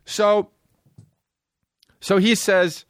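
This podcast host's voice sits high, and he draws out his words while telling a rambling, funny story. He swears a lot, restarts often and stays animated. The recording is dry, with clean studio sound.

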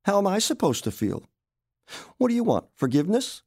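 A man's voice: high-pitched, wildly swooping pitch, a little fast, a little mellow, husky, no room sound, clean studio sound, voice pushed up, heavily acted. A man voicing a grieving woman neighbor, tearful and fierce, in a story reading. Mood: bitter. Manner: tearful, choked, pleading.

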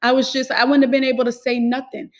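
A woman's voice: high-pitched, flat delivery, fast talker. A woman telling a personal story in casual talk, emphatic and swearing freely.

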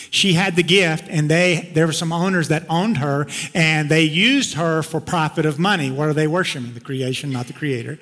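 Pastor guy preaching, chatty storytelling, bit high voice, big church echo. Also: fairly bright tone. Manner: conversational storytelling, emphatic. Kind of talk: sermon. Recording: long hall reverb.

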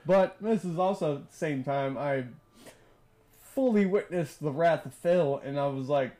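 A man, co-host of a podcast, telling a story in casual chat, ranting and swearing with animated emphasis. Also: on the high side, measured pace.

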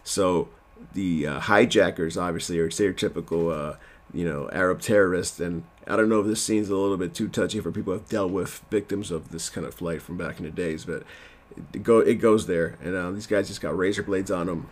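A man's voice: sits low, brisk. A man casually recapping a TV episode at home, rambling and self-deprecating, with lots of fillers.

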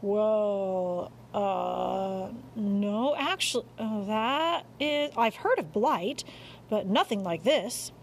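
A woman's voice: mid-range voice, very animated, unhurried, a little hiss or hum. Woman doing a flustered, stammering dad. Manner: hesitant, stumbling with fillers. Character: flustered father, hesitant and mild.

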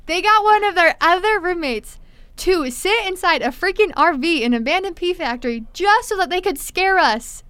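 A young woman telling a story in casual chat, animated, acting out quotes and saying "like" a lot. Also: extremely high pitch, normal speed, dry recording. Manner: animated, acts out quotes, heavy filler "like". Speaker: storyteller guest.

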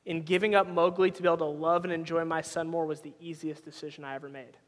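A man's voice: on the high side, flat delivery, fast talker, big-room sound. A man in his thirties preaching a sermon as a pastor, conversational and telling personal stories. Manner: conversational, storytelling with personal anecdotes.

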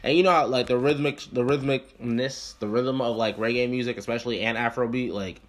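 A man co-hosting a casual music podcast, talking in fast, profane, animated banter. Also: medium pitch. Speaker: podcast co-host.

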